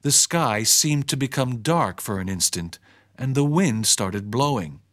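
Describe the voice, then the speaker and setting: Guy reading a storybook chapter, calm even pacing, middle pitch. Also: a little slow. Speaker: audiobook narrator. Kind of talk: scripted narration.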